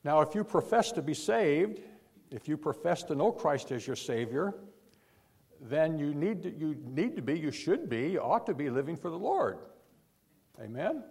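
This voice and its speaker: A man preaching a sermon to a congregation, pleading and emphatic, pushing hard before dropping low. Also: sing-song, normal speed, gravelly, darkish tone, husky.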